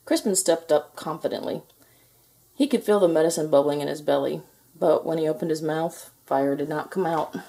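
A woman reads a children's storybook aloud, lively and expressive. Her voice is mellow and soft, with a breathy edge. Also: sits low, normal speed. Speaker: storybook reader.

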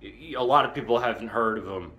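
A man's voice: on the low side, fast, sharp tone. A young man ranting in a rambling comic monologue, indignant and belligerent, full of fillers. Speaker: comedy character monologue.

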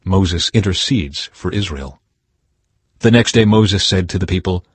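Husky man reading scripture. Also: low-pitched, moderate pace, no echo. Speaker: Bible reader.

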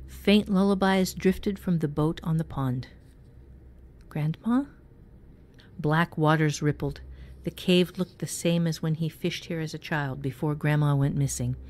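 Low-voiced woman narrating a dark tale. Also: moderate pace, hardly any pauses. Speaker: story reader. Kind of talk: scripted narration.

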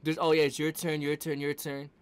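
A young man giving casual, joking reaction commentary over game highlights, talking back at the screen in slang. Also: completely flat delivery, brisk, smooth. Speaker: reaction streamer.

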